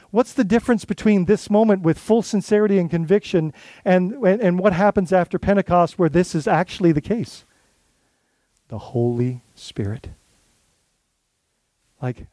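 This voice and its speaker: High-voiced earnest man preaching. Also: warm tone, no room sound. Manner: earnest, conversational with many restarts and "like" and "right?". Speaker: lead pastor. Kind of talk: sermon.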